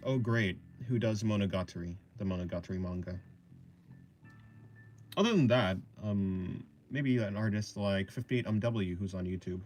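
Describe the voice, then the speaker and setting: A young man streaming his drawing, chatting casually with his viewers in a rambling, hesitant way full of fillers and soft laughs. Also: lowish voice. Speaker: art streamer. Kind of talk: casual chat answering a live chat.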